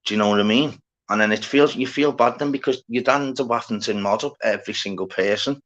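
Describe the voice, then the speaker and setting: A man's voice: medium pitch, quick pace, fairly bright tone, highs cut off. A man hosting a livestream, chatting casually and rambling to his viewers, full of slang and swearing as he greets people in the chat. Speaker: livestream host.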